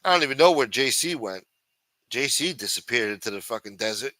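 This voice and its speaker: A man's voice: medium pitch, expressive, fairly quick, bright, forceful tone, no room sound. A man hosting a casual livestream show, rambling and teasing with plenty of profanity. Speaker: show host.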